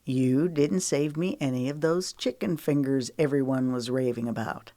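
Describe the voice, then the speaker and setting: A woman narrator voicing an easygoing young man who talks in a soft, teasing way. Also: extremely low pitch, normal speed, no echo.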